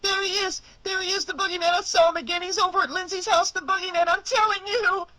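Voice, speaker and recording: Shrill, scared little boy in a storybook reading; very high, pleading. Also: fairly even intonation, unhurried, bright, forceful tone, heavily acted, low-quality recording. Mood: panicked. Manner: panicked, pleading. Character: frightened young boy, shrill and insistent.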